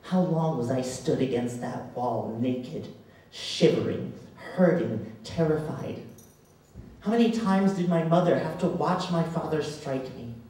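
Male spoken word poet, slightly high voice, deliberate and dramatic; distant, roomy live hall sound. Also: expressive, mellow. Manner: dramatic, rhythmic, with long pauses. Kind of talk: spoken word poetry performance. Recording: echoey hall, distant mic.

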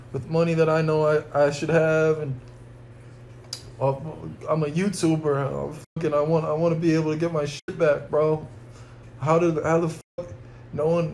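A man's voice: a little high, darkish tone, slight background noise, low-quality recording. A young man from New York, upset and close to tears, ranting through an unscripted live stream from a hotel room, swearing constantly and tacking bro and man onto his lines. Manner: profane, repeats bro and man, rambling.

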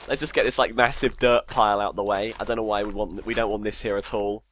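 A man's voice: lowish voice, steady tone, fast talker, fairly bright tone, slight background noise. A man casually commentating his Minecraft game, joking, swearing and talking to himself. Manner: swears a lot, jokey, talks to himself. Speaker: gamer.

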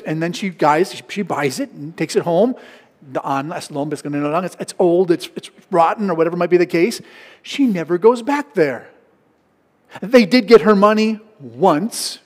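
A man's voice: high-pitched, expressive, moderate pace, darkish tone, in a large hall. A man preaching a sermon as a pastor, mixing English with local Filipino phrases and acting out market haggling. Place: church hall.

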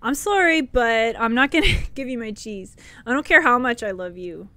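A young woman streaming a shooter game, chatty and excitable, laughing often and talking to her viewers. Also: fairly high pitch, dry recording. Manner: excitable, chatty, quick to laugh, talks to chat. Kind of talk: live gameplay commentary.

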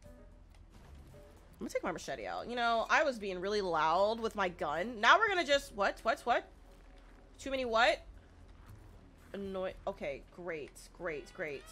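A woman doing let's play commentary, excitable, panicking and swearing, often repeating herself. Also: mid-range voice, measured pace, faint music behind. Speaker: gaming YouTuber.

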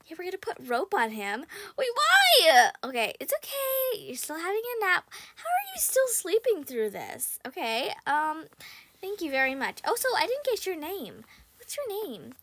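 High, excitable young gaming voice. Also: female voice, normal speed, no room sound. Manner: excitable, squeals and shouts when in danger. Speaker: gaming channel host. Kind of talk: game commentary.

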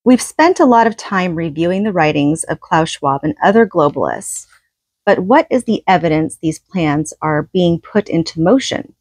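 A woman reading a nonfiction book aloud, steady and measured, with an occasional casual aside. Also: on the low side, breathy edge, no echo. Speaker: audiobook reader.

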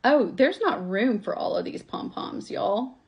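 Working on a craft project at her home table, this woman talks through a live tutorial in a chatty, self-deprecating way, addressing viewers as y'all. She has a gravelly, mid-range voice, animated and evenly paced. The top end of the audio is clipped.

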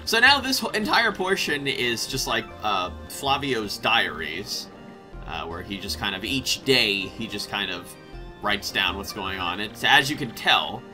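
A man hosting a casual let's play, rambling and excitable, often breaking into laughter. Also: lowish voice, measured pace, soft background music. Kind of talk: casual gameplay commentary.

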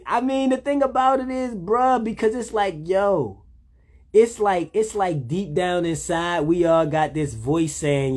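A man's voice: sits high, measured pace, darkish tone. A man, rambling in a laid-back, casual monologue, often saying "you know what I'm saying". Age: 30s.

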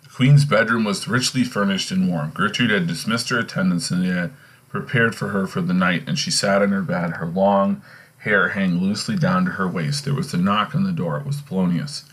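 A man's voice: deep voice, steady tone, brisk, a bit bright, breathy edge. A male teacher casually reading and explaining a play in a recorded lesson, often checking in with "okay?". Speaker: English teacher.

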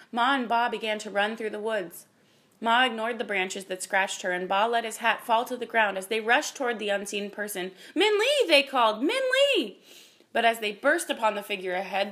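A woman reading a children's chapter book aloud in a calm, even manner. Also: medium pitch. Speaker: reader. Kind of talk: storybook reading.

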